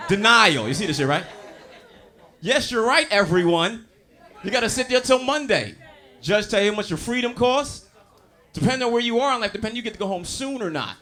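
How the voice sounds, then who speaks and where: Male stand-up in his thirties, New York accent, swooping pitch, loud crowd work, live club. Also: expressive, fairly quick. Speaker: stand-up comedian. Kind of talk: stand-up comedy set. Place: comedy club stage. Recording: live room with audience. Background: audience laughter.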